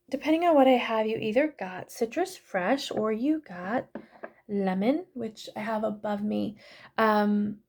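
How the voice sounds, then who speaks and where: A woman's voice: mid-range voice, a little mellow. A woman in her thirties teaching a casual online class, chatty and full of fillers, often correcting herself. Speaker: yoga and essential oils class teacher.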